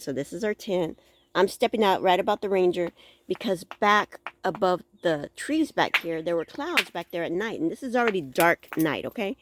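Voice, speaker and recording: A woman's voice: lowish voice, a little hiss or hum. A woman vlogging from a rural campsite, telling stories animatedly with gasps and exclamations. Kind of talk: casual vlog chat.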